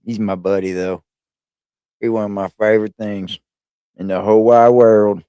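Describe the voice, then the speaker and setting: A man's voice: lowish voice, fairly even intonation, moderate pace, pauses often, warm tone, clear, resonant tone, dry recording, studio quality. A man hosting a casual live stream, chatting loosely and with plenty of swearing while he talks to his pet. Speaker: streamer host.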